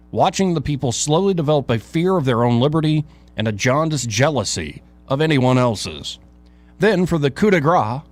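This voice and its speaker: A male talk show host reading his own opinion piece aloud in an emphatic, rhetorical way, with dramatic pauses and casual asides. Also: medium pitch.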